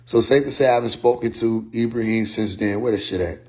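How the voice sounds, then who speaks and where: A man's voice: lowish voice, fast, few pauses. A man telling a long story in casual speech. He acts out both sides of the conversation, swears freely and gets worked up. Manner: animated, profane, quotes others in dialogue.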